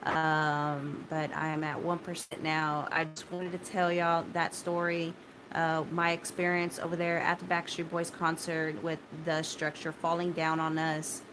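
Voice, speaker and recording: A woman with a somewhat low voice talks straight to her viewers, shaken but steadying herself. She restarts her sentences often and swears bluntly. A faint hiss sits behind her. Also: completely flat delivery. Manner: halting and repetitive, many restarts and fillers, blunt swearing. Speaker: vlogger recounting a personal ordeal. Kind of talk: casual spoken personal story.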